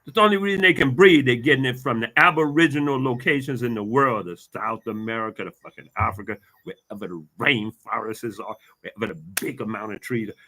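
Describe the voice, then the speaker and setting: A man delivering an angry, profane monologue to his viewers, ranting emphatically, repeating himself and swinging between loud bursts and low muttering. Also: brisk, few pauses. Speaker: vlogger.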